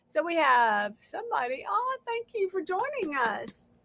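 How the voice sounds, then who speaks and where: A woman's voice: very high-pitched, very animated, measured pace, creaky, a bit bright, slight background noise. A middle-aged woman hosting a casual craft livestream, chatting straight to viewers and laughing often.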